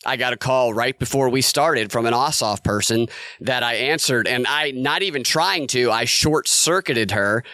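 Bright, forceful man on a dry mic. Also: mid-range voice, moderate pace, no echo. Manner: wry storyteller acting out a phone call. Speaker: podcast co-host. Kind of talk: casual political podcast chat.

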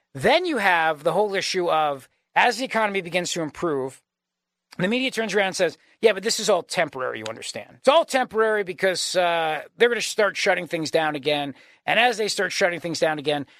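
A man's voice: high voice, a bit bright, no room sound. A man hosting a political talk radio show, arguing emphatically and firing off rhetorical questions. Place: radio studio.

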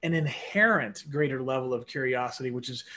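A man's voice: medium pitch, fairly quick, bright, forceful tone. A man, an author and guest, talking about leadership in an earnest, reflective way and often repeating his first words. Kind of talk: conversational interview.

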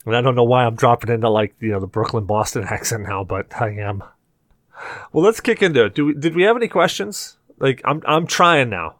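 Animated, teasing podcast host. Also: male voice, medium pitch, brisk, no echo, clean studio sound. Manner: animated, teasing, steers the talk. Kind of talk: casual chat.

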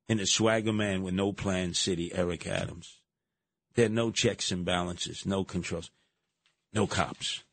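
A man's voice: sits low, creaky, no echo. A man hosting a talk radio show, ranting combatively and sarcastically and acting out the people he quotes. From New York City.

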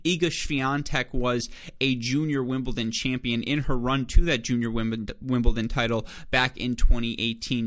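A man from Michigan talks through his tennis betting picks, full of numbers and odds. He speaks with bursts of energy and corrects himself often as he goes. His voice sits at an ordinary middle pitch for a man. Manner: energetic, stat-heavy, self-correcting delivery. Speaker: sports betting host.

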